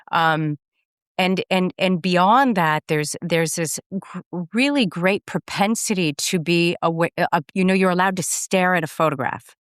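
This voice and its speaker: A woman's voice: low-pitched, smooth, no room sound, studio quality. A woman guest photographer answering interview questions earnestly and thoughtfully, often repeating words as she searches for them, over a video call.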